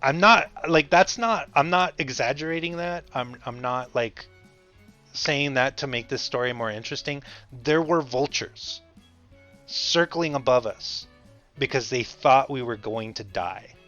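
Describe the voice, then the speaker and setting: A man's voice: mid-range voice, a little slow, bright, forceful tone. A man streamer telling a story in a casual, rambling way, often correcting himself and chuckling. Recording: slightly dull audio, faint music. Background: faint music.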